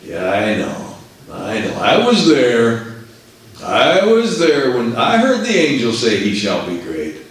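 A man's voice: medium pitch, wildly swooping pitch, slow, pitched below the performer's own voice. A man voicing a sly, gloating male devil who taunts and wheedles in a sermon. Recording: echoey room.

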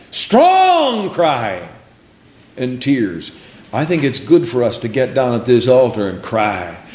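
A man preaching a sermon, repeating lines for emphasis and calling for responses from the congregation. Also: medium pitch. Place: church sanctuary. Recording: echoey room.

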